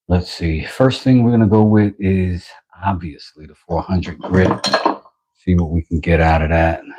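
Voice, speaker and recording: A man's voice: deep voice, moderate pace, mellow, slightly rough, low-quality recording. A man chatting casually to himself while working in his home workshop, making a knife for a vlog.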